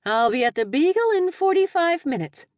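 A woman's voice: very high-pitched, sing-song, normal speed, no room sound, clean studio sound, voice pushed up. A woman voicing a teasing, theatrical young woman friend on a phone call in an audiobook, playing up mock drama.

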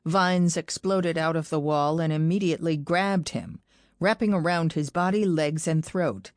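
A woman narrating a fantasy audiobook in a steady, even storytelling manner. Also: low voice, unhurried, no room sound, studio quality.

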